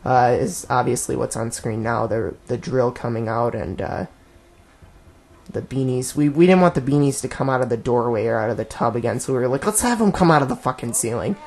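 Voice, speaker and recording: A man's voice: medium pitch, a little fast, creaky, a little mellow. A man giving a casual director's commentary in a rambling, laid-back, self-amused way. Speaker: director of a web series.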